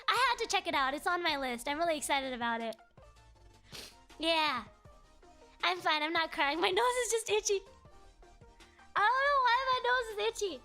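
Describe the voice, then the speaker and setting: A young woman streamer with a very high, bright voice chatting casually with her viewers. She is bubbly and playful, gushing thanks over and over, then drops to a softer mumble when she muses. Faint music plays behind her. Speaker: VTuber streamer. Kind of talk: casual livestream chat.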